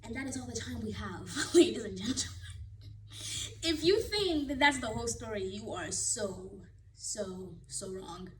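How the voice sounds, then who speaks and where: A woman with a fairly high voice tells a personal story to her viewers in a casual, lively way. She leans into the drama and swings between energy and quiet. A faint hiss sits under her voice. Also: normal speed, poor audio. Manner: animated, dramatic retelling. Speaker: vlogger.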